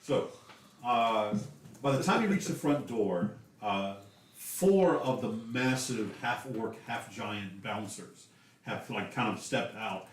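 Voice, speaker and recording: A man's voice: fairly low pitch, slow, a little hiss or hum. A man with a Southern US accent narrating a tabletop game as game master, full of fillers and restarts. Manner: lively, many fillers. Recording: echoey room, distant mic.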